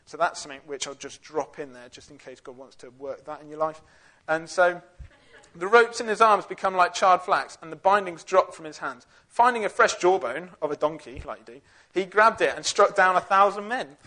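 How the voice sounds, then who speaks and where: A man's voice: high voice, normal speed, sharp tone. Chatty young man teaching. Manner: chatty, jokey, with lots of fillers. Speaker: youth Bible teacher. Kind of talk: casual Bible talk.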